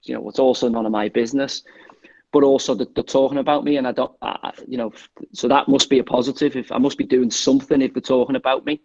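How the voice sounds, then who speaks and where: A man's voice: mid-range voice, fairly even intonation, fast, a little mellow, muffled recording. A man from England, a former footballer, talking as a guest in a casual interview, rambling with restarts and lots of "you know".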